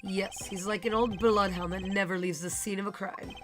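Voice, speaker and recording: A woman's voice: medium pitch, steady tone, moderate pace, natural voice. A woman reading aloud as a stern, arrogant older male prosecutor, in a haughty, scornful way. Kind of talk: reading game dialogue aloud. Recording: game music behind the voice.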